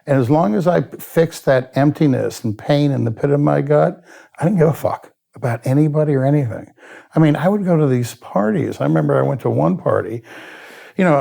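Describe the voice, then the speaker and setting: Gravelly, blunt older man telling stories. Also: mid-range voice. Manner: blunt, profane, animated storyteller who laughs at himself. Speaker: addiction expert guest. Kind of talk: candid interview storytelling.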